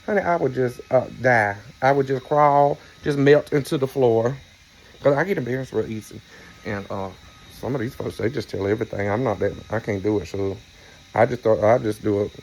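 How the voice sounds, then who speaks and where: A man's voice: medium pitch, moderate pace, gravelly, slight background noise. A man, chatting casually to his viewers in a rambling, storytelling way with playful teasing asides. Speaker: vlogger. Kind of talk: casual chat to camera.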